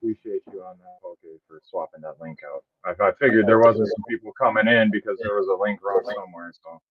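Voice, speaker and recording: A man on a casual group voice chat, lively and laughing, calling people bro. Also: on the low side, quick pace, breathy edge. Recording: dull lo-fi line with chatter behind.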